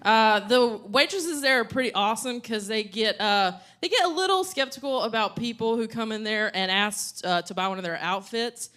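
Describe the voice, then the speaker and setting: A woman with a Southern US accent doing a stand-up comedy set, telling stories with loud acted-out outbursts into a handheld mic on a stage. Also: a little high, moderate pace, few pauses. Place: comedy stage before a live audience.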